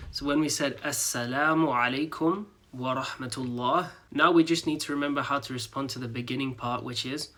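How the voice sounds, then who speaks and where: A man teaching greeting pronunciation, patiently drilling each word slowly syllable by syllable. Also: mid-range voice, fairly bright tone. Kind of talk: slow step-by-step pronunciation lesson.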